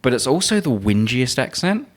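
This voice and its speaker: A man's voice: medium pitch, big pitch swings, moderate pace. A man from Adelaide with an Australian accent tinged with English inflections, co-hosting a podcast in thoughtful, casual chat. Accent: Australian with a slight English lilt. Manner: thoughtful, musing, laughs easily. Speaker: podcast co-host.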